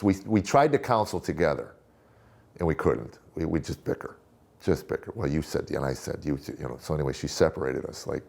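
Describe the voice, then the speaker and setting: A middle-aged man telling his personal story in a conversation as a guest, halting and reflective, often repeating words as he goes. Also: rumbling low, gravelly, darkish tone.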